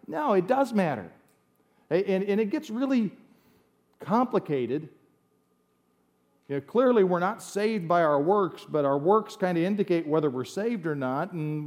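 A middle-aged man from the United States preaches in a relaxed, talky way, his slightly raised voice climbing into emphatic bursts to drive points home. He speaks as a pastor giving a sermon. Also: fairly high pitch.

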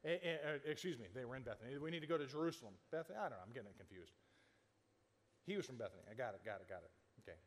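A man's voice: medium pitch, animated, very fast, big-room sound. A man preaching a sermon as a pastor, telling the story conversationally and acting out the quoted lines, with frequent restarts.

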